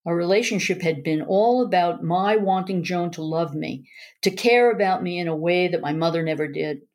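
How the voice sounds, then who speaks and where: A woman's voice: fairly low pitch, moderate pace, darkish tone. Woman reading an emotional memoir. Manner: earnest, emotional storytelling. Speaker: narrator. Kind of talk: first-person memoir reading.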